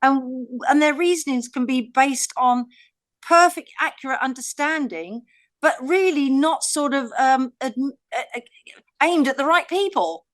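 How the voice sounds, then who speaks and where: A woman's voice: sits high, lively intonation, measured pace, dry recording. A woman co-hosting a casual Bible discussion podcast, thinking aloud with dry, sarcastic asides. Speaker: podcast co-host.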